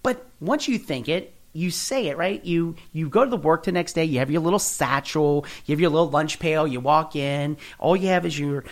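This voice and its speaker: A man hosting a podcast, giving a casual motivational talk and telling stories with quick acted quotes. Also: a little high. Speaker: podcast host.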